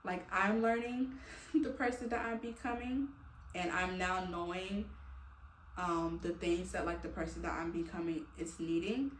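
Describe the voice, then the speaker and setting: A woman's voice: fairly low pitch, steady tone, unhurried. Woman, casual heartfelt venting, rambling fillers, roomy echo, faint background hum. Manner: rambling, many fillers, laughs between thoughts. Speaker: vlogger. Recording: echoey room, a little far from the mic.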